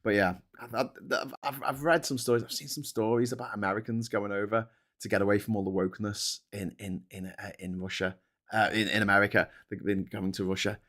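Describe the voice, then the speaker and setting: A man's voice: fairly low pitch, steady tone, a little fast, fairly bright tone. A man hosting a casual live-stream show, reading out news and commenting with sarcasm, swearing and many restarts. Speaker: host.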